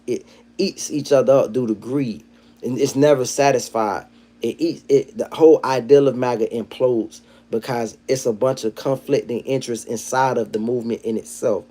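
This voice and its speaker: A man hosting a livestream, telling stories in a profane, animated commentary style and breaking into acted quotes. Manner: animated, profane storytelling, jumps into high-pitched acted quotes. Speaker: livestream host.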